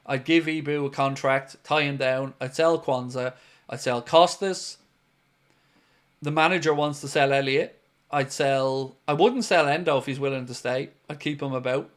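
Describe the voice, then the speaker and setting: A man's voice: mid-range voice, moderate pace. A man hosting a live football fan stream, giving blunt opinions and reading viewer comments aloud, with a lot of "um" and "look" along the way. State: has the hiccups. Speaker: football fan channel host.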